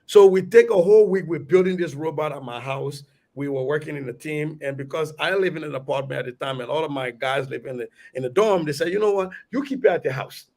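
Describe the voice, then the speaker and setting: A middle-aged man from Liberia with a Liberian accent, telling a story in a lively, animated way on a radio talk show. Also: a little high, a little fast, few pauses. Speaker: radio guest. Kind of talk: storytelling in conversation.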